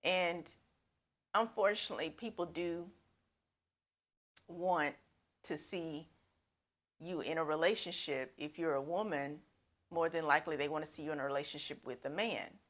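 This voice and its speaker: A woman's voice: sits low, normal speed, pauses often, a bit bright. A woman life coach giving earnest, encouraging advice straight to her viewers. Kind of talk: advice talk to camera.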